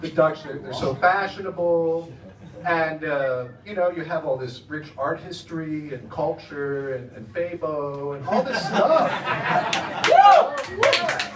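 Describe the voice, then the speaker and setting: American man doing rambling stand-up. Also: fairly high pitch. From United States. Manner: rambling, chatty, laughs at his own jokes. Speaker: stand-up comedian. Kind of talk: stand-up comedy set. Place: comedy club stage in the Netherlands. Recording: echoey room from some distance, faint noise.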